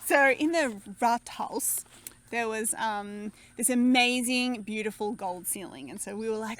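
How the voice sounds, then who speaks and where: A woman's voice: a little high, unhurried, fairly bright tone, slight background noise. A woman with an Australian accent co-hosting a family vlog in a bubbly, teasing, laughing way. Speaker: co-host. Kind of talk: casual family vlog chat.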